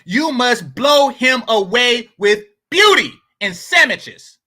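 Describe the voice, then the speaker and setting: A male commentator talks bluntly and mockingly. His voice is bright and sharp, and his pitch rises and falls in lively swings. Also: takes it slowly. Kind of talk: reaction commentary.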